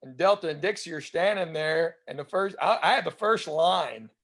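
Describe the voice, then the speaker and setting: A man's voice: fairly high pitch, expressive, normal speed, fairly bright tone. A man in his fifties from East Tennessee with a Southern accent, telling chatty anecdotes as a guest comedian and enunciating his drawl. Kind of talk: casual storytelling interview.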